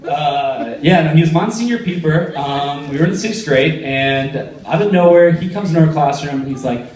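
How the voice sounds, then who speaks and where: A young man's somewhat high voice moves at a moderate pace through a stand-up routine as he acts out the characters in his stories with lively impressions. Heard from afar in a reverberant comedy theater, the audience laughs along.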